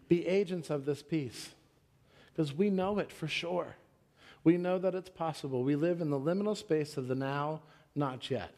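Man preaching with a storytelling flair. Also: darkish tone. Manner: storytelling, acts out quotes with raised pitch. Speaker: pastor. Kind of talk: sermon.

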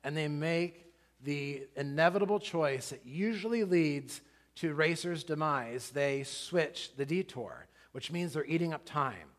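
A man's voice: on the high side, a little slow. Storytelling man preaching a sermon. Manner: storytelling, animated, conversational asides to the congregation. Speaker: pastor.

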